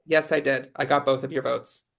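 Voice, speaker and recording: A host calmly explaining the voting rules of an online game. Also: mid-range voice, fairly quick, creaky.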